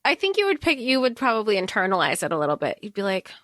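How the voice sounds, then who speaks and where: A woman co-hosting a podcast, excitedly retelling book scenes with acted quotes and casual swearing. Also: medium pitch, fast talker, no echo, clean studio sound. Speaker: podcast co-host.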